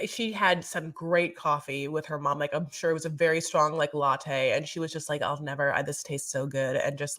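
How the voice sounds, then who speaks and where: A woman's voice: low-pitched, pushed and bright. A woman co-hosting a casual reality-TV recap podcast, gushing and chatty. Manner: gushing, chatty, lots of fillers. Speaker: podcast co-host.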